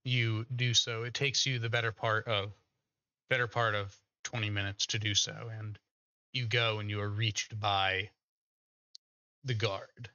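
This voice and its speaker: A man narrating as game master of a tabletop game, pausing often with fillers. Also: lowish voice, level tone, pushed and bright, no room sound. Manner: hesitant, many filler pauses. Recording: dull lo-fi mic.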